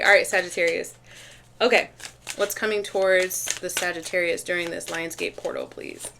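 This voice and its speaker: A woman doing a casual tarot reading to camera, talking chattily and excitedly, with lots of restarts and fillers. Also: on the low side, a little hiss or hum. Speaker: tarot reader.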